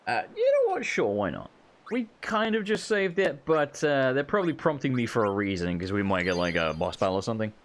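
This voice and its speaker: A man's voice: lowish voice, expressive, brisk. A young man hosting a let's play, giving casual, sarcastic, wisecracking commentary with occasional swearing.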